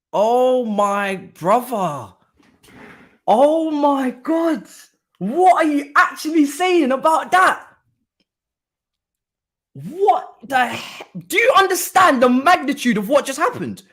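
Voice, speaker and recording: Guy, watchalong host, slow drawl breaking into loud shouts, very lively pitch. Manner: excitable, swings between low muttering and shouting; British street slang, repeats phrases. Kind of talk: live football watchalong reaction.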